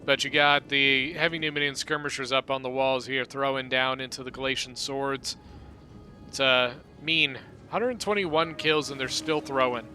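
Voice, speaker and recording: A man giving relaxed, rambling play-by-play commentary on a strategy game battle, often correcting himself mid-sentence. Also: medium pitch, moderate pace, faint music behind. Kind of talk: casual gameplay commentary.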